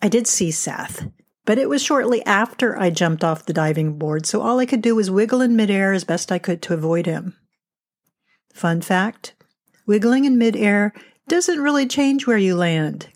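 A woman's voice: medium pitch, expressive, moderate pace. A woman from the United States hosting a podcast, telling a scripted humorous story in a wry, self-mocking way. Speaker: podcast host.

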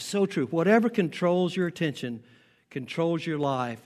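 Preacher with a faint Southern twang, echoing hall. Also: male voice, fairly high pitch. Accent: faint Southern American. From American South. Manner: emphatic, repeats key lines slowly for weight. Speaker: pastor. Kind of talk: sermon. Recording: long hall reverb.

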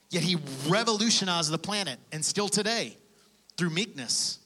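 A male pastor delivers a sermon in a high, bright voice. He preaches in an animated, conversational way, laughing between points and acting out prayers and everyday speech. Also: moderate pace.

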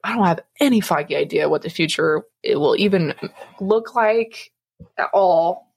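A woman's voice: on the low side, normal speed, creaky, darkish tone, breathy edge. A young woman co-hosting a casual faith podcast, rambling with many fillers and frequent laughs. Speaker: podcast co-host.

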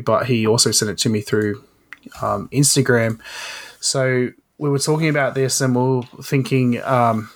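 A man hosting a casual maker podcast, talking in a loose, rambling way with fillers. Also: medium pitch. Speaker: podcast host.

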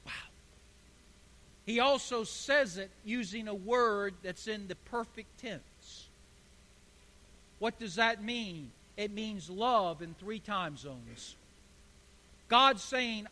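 A man preaching a sermon as pastor, emphatic and building to forceful declarations. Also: sits high, expressive, slow pace, long pauses. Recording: hall reverb.

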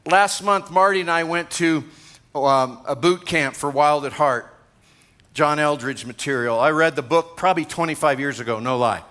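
Bright high-voiced older male pastor preaching. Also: normal speed. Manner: conversational preaching with asides and chuckles. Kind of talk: sermon. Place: church gathering.

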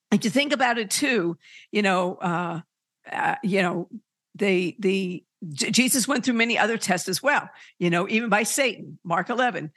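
A podcast host teaching faith in a loose, preachy way. The delivery is earnest and animated, with frequent fillers and restarts, in a mid-range voice. The recording is dry and close, with no room sound. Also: mid-range voice, no echo. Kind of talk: informal preaching.

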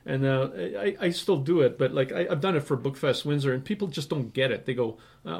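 A man's voice: mid-range voice, brisk, vocal fry, few pauses, a little mellow, breathy edge. A man in his sixties from Canada, an interview guest telling long anecdotes in a rambling, casual way, with many fillers and laughter at his own stories. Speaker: interview guest, writer and publisher.

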